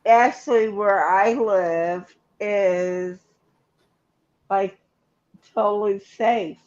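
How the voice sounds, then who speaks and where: Tipsy, hiccuping woman chatting very slowly. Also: medium pitch, fairly even intonation, a little mellow, lo-fi sound. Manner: chatty, swears casually. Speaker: guest. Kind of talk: casual group chat.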